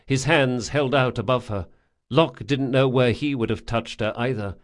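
A man narrating a fantasy novel in a measured, dramatic reading. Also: mid-range voice. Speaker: audiobook narrator.

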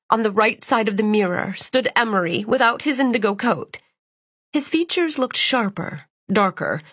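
A woman narrating a novel in a measured, even storytelling voice. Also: mid-range voice, slightly rough, no room sound. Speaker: audiobook narrator. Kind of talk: scripted audiobook narration.

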